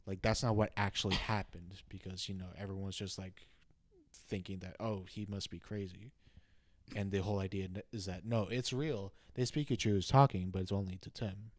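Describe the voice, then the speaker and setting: A young man with a low voice talks through a movie review in casual podcast chat. He hesitates and restarts as he works out his thoughts. The sound is dry and close. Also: steady tone, brisk, dry recording. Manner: hesitant, restarts often, thinks aloud. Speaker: podcast co-host.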